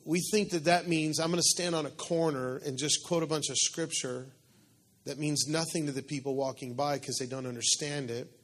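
A man preaching a sermon, his voice sitting a little higher than most men's. He talks conversationally, mixing quiet reflection with lively, joking bursts toward the congregation. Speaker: pastor.

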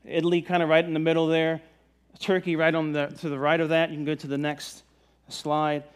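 A man from the Virginia mountains preaching a sermon in a relaxed, conversational way, joking with the congregation. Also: a little high. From Virginia mountains, USA. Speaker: pastor. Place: church service.

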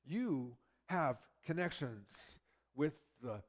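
A man's voice: on the high side, lively intonation, takes it slowly. A man preaching in a conversational way, often repeating words and acting out the lines of the story he explains. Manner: acts out quotes from the story. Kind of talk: sermon.

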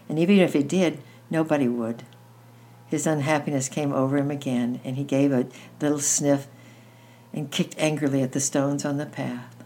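A woman reads a children's story aloud in a gentle, unhurried way, now and then stumbling and restarting a phrase. Her voice sits unusually low for a woman. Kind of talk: reading a children's book aloud.

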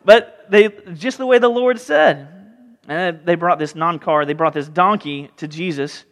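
A man preaching a sermon as pastor, lively, often acting out the voices of people in the story. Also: a little high, a little slow. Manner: animated, acts out voices in the story. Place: church sanctuary. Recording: hall reverb.

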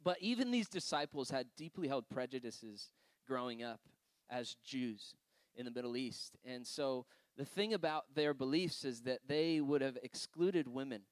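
A man's voice: mid-range voice, expressive, moderate pace, no echo. Man preaching in a chatty, laughing way. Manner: conversational storytelling, frequent laughs and asides. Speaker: pastor. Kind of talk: sermon.

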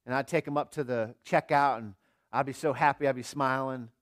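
A middle-aged man preaching a sermon as pastor, earnest, firing rhetorical questions and swinging between quiet and emphatic delivery. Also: medium pitch, steady tone, brisk, no echo, studio quality.

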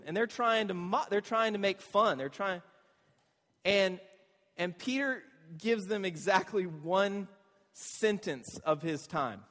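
A man preaching a conversational sermon, animated and asking the listeners rhetorical questions. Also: high voice, unhurried, big-room sound. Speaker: pastor.

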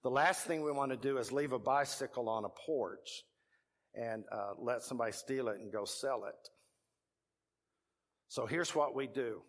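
A middle-aged pastor with a Texan accent tells a story from the pulpit as a sermon, acting out the voices of its characters. His voice sits at medium pitch and moves at normal speed.

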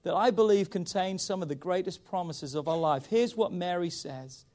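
A male pastor preaching a sermon, emphatic and urging, often saying "come on" and swinging between loud pushes and quiet stretches. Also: sits high, moderate pace. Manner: emphatic, repeats "come on", rises and drops in volume.

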